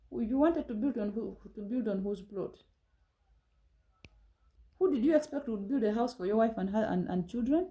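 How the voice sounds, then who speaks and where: A woman gives a scolding motivational talk in a warm, mellow voice. She talks straight at her listeners, reproving them and pressing pointed rhetorical questions. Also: on the high side, lively intonation, moderate pace, long pauses, low-quality recording.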